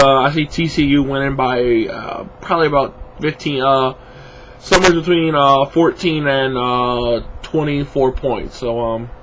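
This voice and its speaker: A man's voice: mid-range voice, fairly bright tone, lo-fi sound, a little hiss or hum. A man casually rambling through his football picks, tired and yawning, with lots of fillers and restarts. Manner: rambling, many fillers, self-correcting. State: sleepy, yawning. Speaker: sports vlogger making picks. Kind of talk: casual spoken predictions.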